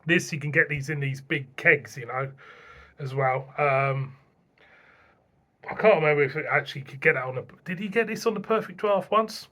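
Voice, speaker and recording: A middle-aged man from England talks through a beer review in a loose, rambling way, chuckling now and then. His voice sits a little higher than most men's. He sounds like an easygoing home vlogger. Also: normal speed, bright, forceful tone. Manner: chatty, rambling, chuckles to himself. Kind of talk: casual beer review vlog.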